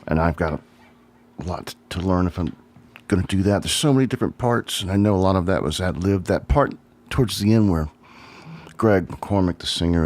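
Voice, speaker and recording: A man's voice: sits low, animated, moderate pace, a little mellow. A middle-aged man, a drummer, casually thinking aloud about his old band on a livestream, with lots of ums. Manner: rambling, reminiscent, thinks aloud with many ums. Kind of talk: casual solo livestream talk.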